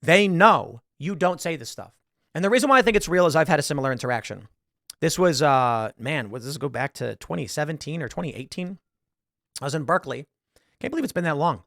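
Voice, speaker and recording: A man's voice: on the high side, lively intonation, brisk, creaky, fairly bright tone, no room sound, clean studio sound. A man hosting a show, giving rambling, conversational commentary and acting out quotes as he goes. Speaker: show host. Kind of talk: casual political commentary.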